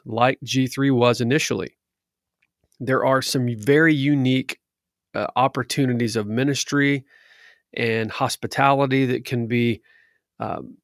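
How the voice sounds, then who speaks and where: A church elder, a man, giving an earnest, measured account that stacks up lists for emphasis. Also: medium pitch, no room sound, clean studio sound. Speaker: church elder and conference organizer. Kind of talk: reflective spoken account.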